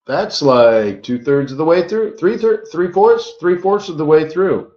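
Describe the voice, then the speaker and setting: A man hosting a live trading stream, chatty and rambling, tired, rattling off quick disclaimers. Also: a little high, expressive, darkish tone, reverberant, dull audio. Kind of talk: casual live-stream teaching talk.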